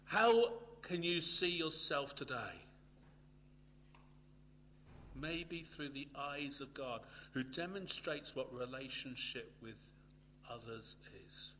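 A man preaching a sermon, swinging from loud emphatic lines to hushed near-whispers and repeating phrases for emphasis. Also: medium pitch, expressive, takes it slowly, a little hiss or hum.

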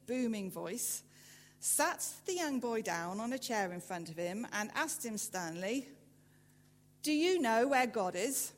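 A woman preacher giving a sermon in a church, telling a story with measured delivery and emphatic rises. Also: on the high side. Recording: reverberant church hall with faint hum.

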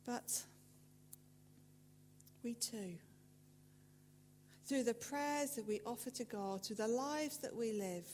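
A woman preacher giving a sermon in a church, telling a story with measured delivery and emphatic rises. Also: fairly high pitch, darkish tone. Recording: reverberant church hall with faint hum.

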